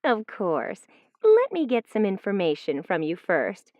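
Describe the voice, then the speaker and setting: A woman playing a courteous phone company clerk in a scripted exam dialogue, asking measured questions. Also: medium pitch, huge pitch swings, no echo. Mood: polite. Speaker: customer service clerk in a listening exam recording. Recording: dry muffled studio recording.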